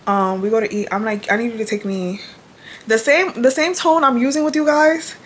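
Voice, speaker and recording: A woman's voice: on the high side, steady tone, moderate pace, a little hiss or hum. A young woman telling a story to her viewers in casual chat, blunt and exasperated, swearing freely and saying "like" a lot. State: tired. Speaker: vlogger.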